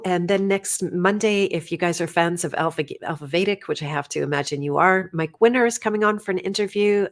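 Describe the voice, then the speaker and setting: A middle-aged woman hosting a livestream and coaching, chatting casually and rambling with frequent self-corrections. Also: on the low side.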